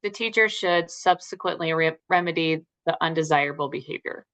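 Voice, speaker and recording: Bright-voiced woman explaining in plain terms. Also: deep voice, fairly quick. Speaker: student presenter. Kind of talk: reading a class presentation.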